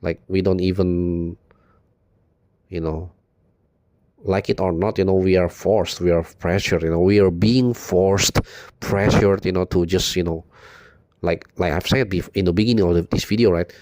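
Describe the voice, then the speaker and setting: A man's voice: low-pitched, fairly even intonation, moderate pace, darkish tone. A man giving an unscripted video monologue, rambling and profane, repeating "you know" constantly in a bitter tone. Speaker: video blogger.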